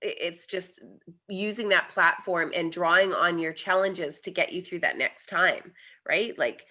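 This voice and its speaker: A woman's voice: lowish voice, unhurried, sharp tone. A woman hosting a podcast interview, chatting casually and rambling with many fillers. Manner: rambling, lots of "you know" fillers. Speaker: podcast host. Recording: dull lo-fi audio.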